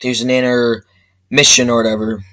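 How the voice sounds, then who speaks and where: A man giving a rambling, profane movie review rant that keeps flaring up into loud outbursts. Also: mid-range voice, flat delivery, moderate pace, poor audio.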